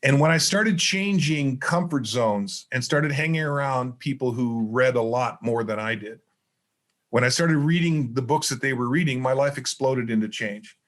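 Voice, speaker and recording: A middle-aged man, a motivational speaker appearing as a podcast guest, telling stories in a lively way and acting out the dialogue. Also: medium pitch, moderate pace. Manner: animated storyteller who acts out dialogue. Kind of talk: storytelling interview chat.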